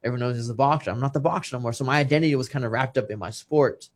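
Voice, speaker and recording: A man's voice: mid-range voice, racing. A man in his thirties, a retired boxer, telling his story in a casual interview with emotion and repeated words. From Texas.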